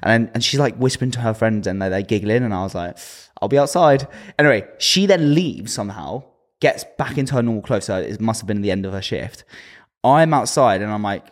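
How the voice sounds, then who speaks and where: A man chatting on a podcast, telling stories with lots of laughter. He acts out what everyone said, jumping into their voices mid-sentence, with a mid-pitched, everyday male tone. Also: fast. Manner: animated storyteller, laughs often, acts out quotes. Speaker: podcast co-host. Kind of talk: casual chat.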